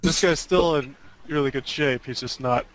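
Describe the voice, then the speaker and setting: A man, a concept artist, casually showing his drawings on a group call and talking in a halting way with many restarts. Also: mid-range voice, crowd noise, low-quality recording.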